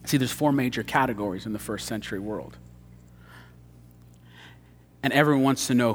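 A male pastor preaching a sermon, swinging from loud emphasis to hushed intensity. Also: medium pitch, normal speed, pauses often, a little hiss or hum. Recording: long church hall reverb.

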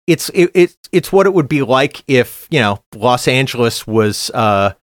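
A man's voice: mid-range voice, animated, unhurried, dry recording, clean studio sound. A man co-hosting a podcast, grumbling emphatically in casual chat, often restarting his sentences. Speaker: podcast co-host.

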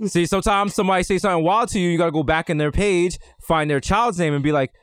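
A man's voice: sits high, quick pace, clean tone, dry recording. A man co-hosting a casual comedic podcast, riffing and joking, recorded at a studio mic. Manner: joking, riffing, puts on voices for quotes. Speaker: podcast co-host. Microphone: studio microphone.

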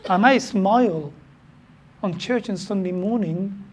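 A pastor from the United Kingdom, preaching a sermon in an excitable, animated way with sudden jumps in pitch and loudness. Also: a little slow, slightly rough.

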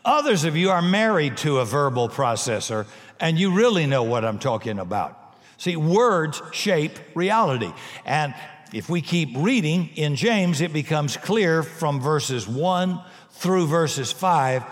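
Male pastor, slightly high voice, emphatic sermon delivery with jokes, live in a reverberant church hall. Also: sing-song, unhurried. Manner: emphatic preaching with humorous asides.

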